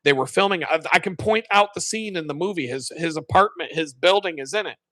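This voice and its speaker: Bright-voiced man telling stories. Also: fairly high pitch, a little fast, dry recording. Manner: profane, animated, laughs often. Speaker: live streamer. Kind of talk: casual storytelling.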